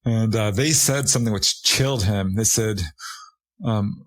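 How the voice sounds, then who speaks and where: A man's voice: measured pace, dry recording. A man telling a witness's story in casual conversation, laughing often and raising his voice to act out the people he quotes. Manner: animated retelling, acts out quoted witnesses with raised pitch; laughs often while talking. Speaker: guest, paranormal investigator.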